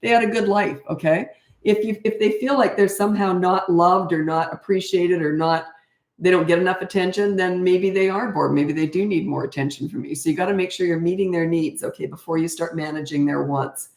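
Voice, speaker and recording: A woman's voice: lowish voice, steady tone, brisk, a little mellow, echoey room. A middle-aged woman coaching parents in a casual live-stream Q&A, frank and chatty, laughing often, on a webcam.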